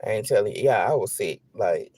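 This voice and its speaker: A man content creator telling an animated, repetitive storytime straight to his viewers. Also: on the low side, brisk, slightly rough, no echo. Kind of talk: storytime vlog.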